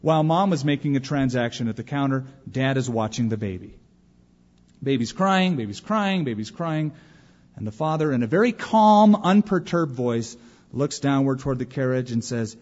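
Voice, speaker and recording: A man's voice: medium pitch, normal speed. A man preaching a sermon, telling stories with energy and acting out the voices in them. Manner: animated storyteller who acts out quoted voices. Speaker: pastor. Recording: dull recording with long hall reverb.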